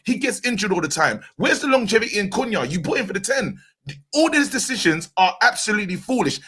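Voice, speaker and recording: A man's voice: sits high, a bit bright, slightly rough. A man ranting with passion as a football pundit in a heated casual panel debate.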